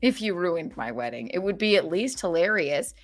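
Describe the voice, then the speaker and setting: A woman hosting a comedy podcast, chatting in casual banter with mock indignation and quick acted-out quotes. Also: on the low side, sing-song, soft background music.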